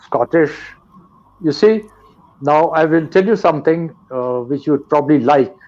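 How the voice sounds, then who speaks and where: An older man from Pakistan teaching English in a live online session, in a deliberate, lecturing way. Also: a little high, a little mellow, highs cut off. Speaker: guest teacher.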